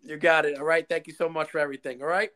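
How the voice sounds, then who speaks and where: A man's voice: a little high, flat delivery, racing, a crowd in the background. A man hosting an interview, laughing easily and agreeing with his guest. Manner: laughs a lot, warm and agreeable. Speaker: interviewer host. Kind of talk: casual interview chat.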